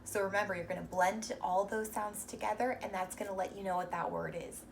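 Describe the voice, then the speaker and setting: A young woman teacher giving a reading lesson to young children, speaking slowly and encouragingly and sounding out words sound by sound. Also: mid-range voice, steady tone, vocal fry, recorded from a distance, slight background noise.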